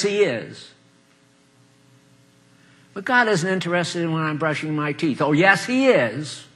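Folksy older man preaching a sermon. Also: a little high. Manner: folksy, chuckling, swings between loud emphasis and quiet asides.

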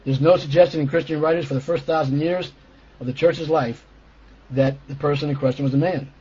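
A man's voice: on the high side, dark tone, slightly rough. A man preaching a sermon, explaining scripture earnestly and checking in with his listeners. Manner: earnest explanatory teaching with frequent "okay?" check-ins. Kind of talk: sermon teaching. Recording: dull lo-fi recording.

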